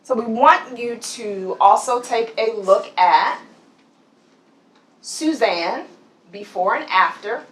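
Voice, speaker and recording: A voice and presence trainer leads a corporate session in an office training room, questioning the group and laughing frequently as she coaches. She speaks slowly with long pauses in a fairly high voice, captured on a low-quality recording.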